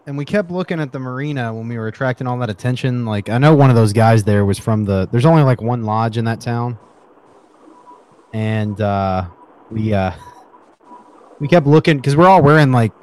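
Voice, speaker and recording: A man's voice: mid-range voice, normal speed, a little mellow. A man co-hosting a casual chat, adding dry, joking asides. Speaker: podcast co-host.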